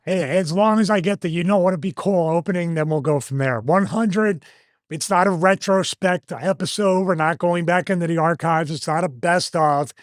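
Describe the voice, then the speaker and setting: Higher-voiced jokey Philly man. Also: moderate pace, no room sound. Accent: Philadelphia. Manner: jokey, rambling, self-mocking. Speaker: podcast host. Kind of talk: casual podcast chat.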